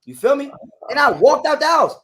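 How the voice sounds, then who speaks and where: A man, ranting in a heated interview, profane and repetitive, acting out quotes loudly. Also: very high-pitched, big pitch swings, fairly quick. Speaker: guest telling his side of a breakup.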